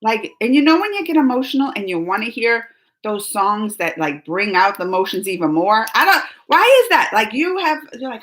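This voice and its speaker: Chipper, bright-voiced woman chatting live. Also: on the high side, animated, normal speed. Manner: chipper and chatty, reads viewer names aloud. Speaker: live chat host. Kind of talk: casual live-stream chat. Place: at home, just out of bed.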